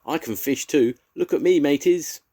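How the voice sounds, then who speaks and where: A man's voice: sits low, very animated, unhurried, dry recording, heavily acted. An older man voicing a cheery, boastful male toad in a storybook, hearty and jolly.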